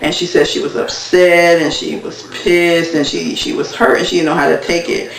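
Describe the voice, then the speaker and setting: A man talks through a TV episode in a loose, rambling way, leaning on fillers as he goes. His voice sits a little high with a gravelly edge. The sound is roomy and echoey, as if the mic stands some way off. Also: flat delivery, normal speed, a bit bright. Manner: rambling, filler-heavy retelling. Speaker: TV recap vlogger. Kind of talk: casual episode recap. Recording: echoey room, mic at a distance.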